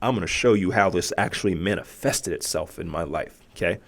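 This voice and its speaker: A man in his forties with a low, gravelly voice talks briskly while hosting a podcast. He tells a personal story conversationally, often checking in with the listener by asking "right?"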